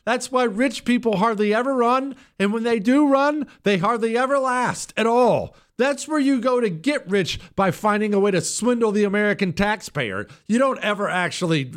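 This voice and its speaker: A male talk radio host is mid-rant in an opinionated political monologue, his voice hoarse, worn and nearly gone. He keeps pushing anyway, punching some words up high and loud before sinking into low, sarcastic muttered asides.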